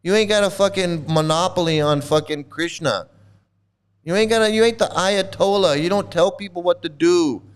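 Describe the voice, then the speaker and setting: A middle-aged man with a high, clean-toned voice speaks at normal speed in an angry, profane rant at a video he's reacting to. He's abrasive and mocking, swearing constantly.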